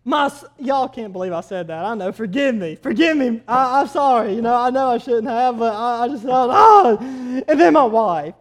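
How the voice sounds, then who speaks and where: A man with a strikingly high voice delivers a sermon through a story. He is animated, rising into loud bursts and then dropping to quiet asides. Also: brisk, few pauses. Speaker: pastor.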